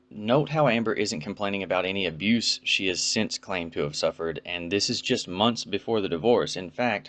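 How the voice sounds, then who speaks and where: A man giving measured, analytical scripted narration. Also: low-pitched.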